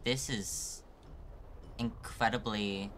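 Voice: mid-range voice, fairly even intonation, extremely slow, fairly bright tone, a little hiss or hum. A live streamer commenting on a hard climbing game, exasperated and self-mocking, joking about being about to cry.

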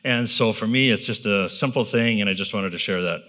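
A man in his fifties speaks plainly to a live audience about his own habits, in a bright, forward voice. He is candid and self-deprecating, wandering through his points with restarts and a habitual "right?". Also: fairly low pitch, slight background noise. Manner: rambling, with restarts and filler pauses. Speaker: business leader giving a talk. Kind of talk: personal talk to a live audience.

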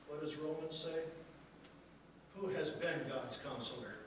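A man's voice: on the high side, moderate pace. A male pastor delivering a sermon, asking the congregation rhetorical questions and acting out quoted lines. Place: church sanctuary. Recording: echoey church from a distance with noise.

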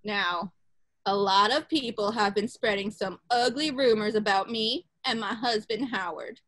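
A woman's voice: mid-range voice, measured pace, fairly bright tone. A woman in a sketch comedy parody, playing a gushing big-cat sanctuary owner with a bubbly, singsong voice.

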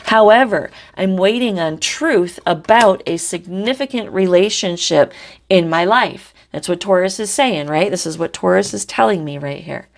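A woman reads tarot cards in an easy, casual monologue, talking bluntly and swearing without hesitation. Her voice sits a little low for a woman, and she keeps checking in with the listener as she goes. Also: moderate pace, vocal fry. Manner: blunt, salty, swears freely, keeps asking "right?". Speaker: psychic tarot reader.

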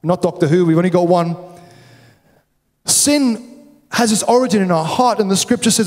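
Man, pastor, sermon, fairly high voice, emphatic repetition, long church reverb. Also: normal speed, long pauses, a little mellow. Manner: emphatic preaching, repeats words for stress. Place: church hall.

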